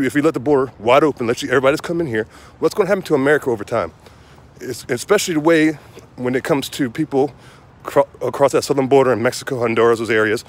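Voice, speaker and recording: A young man hosting his own show, ranting heatedly about politics outdoors on a windy day, rambling and repeating himself. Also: mid-range voice. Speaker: show host. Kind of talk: outdoor political rant to viewers. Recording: wind noise outdoors.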